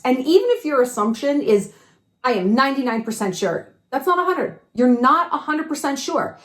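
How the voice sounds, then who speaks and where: A woman's voice: sits high, sing-song, normal speed. A woman giving frank advice in a casual monologue to camera, swearing freely and firing rhetorical questions. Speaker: advice vlogger. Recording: echoey room.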